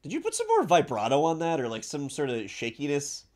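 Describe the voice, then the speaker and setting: A man co-hosting a gaming stream, chatting in a relaxed way and swearing casually. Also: a little high, brisk. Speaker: stream co-host.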